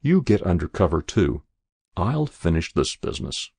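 A man voices a tired, hard-bitten army officer in a storybook reading, speaking in short, gruff bursts. The voice is low and gravelly with a husky edge, close to the narrator's own. The recording is dry and close. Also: very animated, moderate pace, darkish tone, no echo, heavily acted. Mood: commanding. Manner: curt, gruff.

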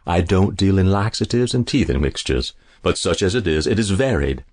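A man voicing a calm, sly old potion seller who talks politely and indifferently. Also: sits low, normal speed, dry recording, clean studio sound. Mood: suave, indifferent.

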